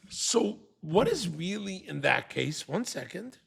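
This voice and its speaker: An older man teaching a Torah class, animated and fond of rhetorical questions, who acts out the people he quotes. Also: high-pitched, measured pace, creaky, breathy edge.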